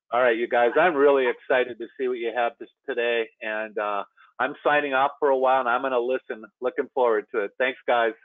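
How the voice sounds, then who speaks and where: A man's voice: mid-range voice, no room sound. A man hosting a trade webinar, introducing speakers in a friendly, rambling way with fillers. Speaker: webinar host. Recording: tinny phone-like audio, dry.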